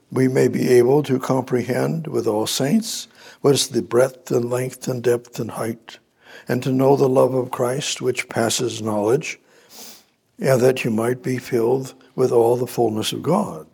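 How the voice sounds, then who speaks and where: A man preaching a sermon who swings from quiet reading to excited, rising bursts and repeats words for emphasis. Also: medium pitch, vocal fry, slightly rough.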